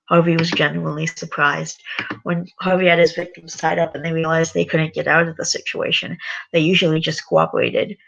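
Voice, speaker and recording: A tired reader casually reading a story aloud, halting now and then with sighs and restarts. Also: medium pitch, level tone, gravelly, a bit bright, dull audio.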